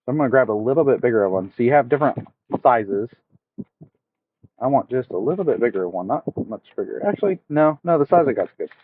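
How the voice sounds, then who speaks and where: A man's voice: mid-range voice, dry recording. A man from the United States with a mild Southern accent, streaming outdoors at a park, casually explaining fishing rigs step by step while chatting with viewers over a headset mic. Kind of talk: casual fishing livestream tutorial. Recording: tinny dry phone-like headset audio.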